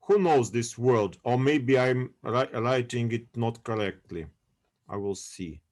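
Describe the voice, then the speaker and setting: Slow, halting male lecturer on a call. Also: medium pitch, darkish tone. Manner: halting, searching for English words, many fillers; checks in with students. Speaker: university lecturer. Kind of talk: online lecture to students.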